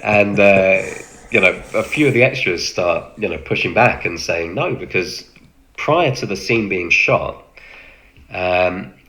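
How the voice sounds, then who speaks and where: A deep-voiced man casually tells an anecdote about working as a film extra, halting with lots of fillers and acting out quoted lines. His intonation is lively, and his tone is pushed and bright.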